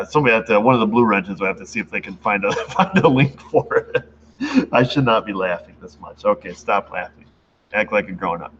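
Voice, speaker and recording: A man's voice: on the low side, a bit bright. A middle-aged man from New York State, a shop owner chatting casually to his viewers, rambling and laughing at his own stories. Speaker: auto shop owner, channel host. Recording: dull lo-fi sound with faint background noise.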